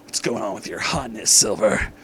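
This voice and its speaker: This is a gruff, brooding hedgehog antihero, as a man voices him in a comedic story reading. His lines come out low, flat and deadpan. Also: moderate pace, a little hiss or hum.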